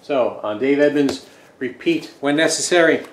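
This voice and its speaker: A man's voice: fairly high pitch, normal speed, reverberant, a little hiss or hum. A man casually talking through his record collection, rambling and joking as he goes. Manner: rambling, chatty, jokey asides.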